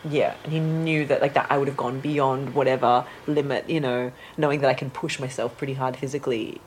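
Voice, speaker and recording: A woman's voice: rumbling low, a little fast, slight background noise. A woman, chatting animatedly and acting out what others said. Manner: animated storyteller, acts out quotes loudly. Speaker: guest telling her birth story. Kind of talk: casual interview chat.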